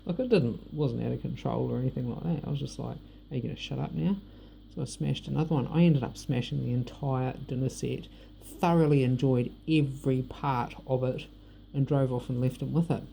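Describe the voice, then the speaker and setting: A woman's voice: very deep voice, a little fast, vocal fry, mellow, a little hiss or hum. A middle-aged woman with a New Zealand accent, talking frankly in a rambling personal vlog and not shy of swearing. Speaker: vlogger. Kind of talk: personal monologue.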